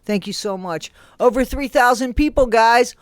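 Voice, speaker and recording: A YouTube host talks straight to viewers in a casual commentary vlog, rambling and sounding incredulous while restarting often. The voice is mid-range at a moderate pace, with clean studio sound and no room sound.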